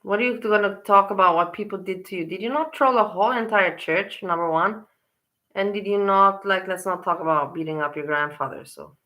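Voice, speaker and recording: A woman's voice: mid-range voice, brisk, pushed and bright. A woman commenting on a stream she is watching, talking in an exasperated, scolding way and swearing often. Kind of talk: casual reaction commentary.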